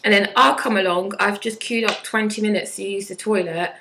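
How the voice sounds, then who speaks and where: A woman's voice: medium pitch, fairly even intonation, a little fast, sharp tone, slight background noise, poor audio. A woman in her twenties chatting bluntly and sarcastically in a casual vlog, with mocking impressions. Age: 20s. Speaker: vlogger.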